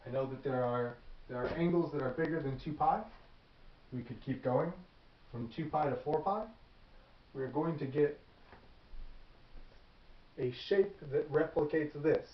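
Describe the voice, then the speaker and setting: In a fairly high voice, a man teaches math at a classroom whiteboard at a slightly slow pace, pausing often. He thinks aloud casually and corrects himself along the way, and the recording sounds distant, dull, and echoey.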